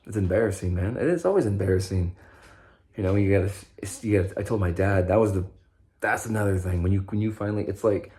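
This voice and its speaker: A man's voice: fairly low pitch, fast talker, dark tone. A young man talking in a casual, rambling monologue about his own recovery, swearing freely and often breaking off mid-sentence. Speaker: vlogger sharing his recovery story.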